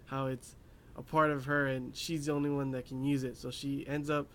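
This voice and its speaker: A man's voice: medium pitch, little pitch movement, normal speed, fairly bright tone, a little hiss or hum. Rambling young man recapping an anime. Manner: rambling, many fillers, laughs at his own asides. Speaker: anime reviewer. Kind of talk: casual episode recap.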